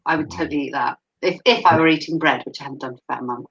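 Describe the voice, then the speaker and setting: A woman co-hosting a casual live stream, lively and quick to laugh. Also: deep voice, gravelly, dull audio.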